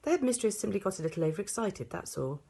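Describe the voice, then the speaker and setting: A woman voicing a kind young schoolteacher who speaks gently and patiently in a storybook reading. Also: mid-range voice, very animated, quick pace, gravelly, breathy edge, voice pushed up, exaggerated voice. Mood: gentle.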